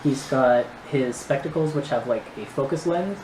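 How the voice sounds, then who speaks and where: A man running a tabletop game as dungeon master, narrating in a relaxed, hesitant way with many pauses. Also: medium pitch. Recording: echoey room with background noise.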